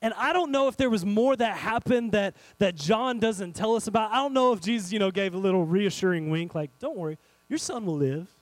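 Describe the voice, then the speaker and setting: A man preaching a sermon, animated and speaking straight to his congregation, swinging between loud and hushed. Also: high-pitched, brisk, hardly any pauses, dry recording, low-quality recording. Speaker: pastor.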